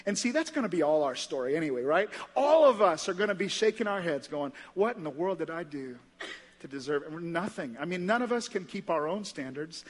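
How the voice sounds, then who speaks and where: A man's voice: very animated, fast, hardly any pauses. A man with an American accent preaching a sermon as pastor, telling the story in a casual, conversational way. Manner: conversational storytelling, acts out voices with big pitch jumps. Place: large church hall. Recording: long hall reverb.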